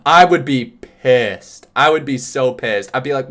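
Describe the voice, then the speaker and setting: A young man reacting to a video for his stream viewers. His casual commentary swings into loud, profane exclamations, and his voice sits at an ordinary mid pitch. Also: animated, slow.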